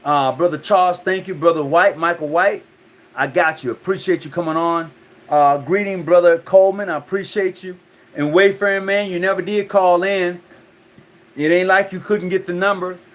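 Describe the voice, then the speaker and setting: A man's voice: high-pitched, steady tone, normal speed, fairly bright tone. A man hosting a call-in talk show, talking loosely and often repeating his words.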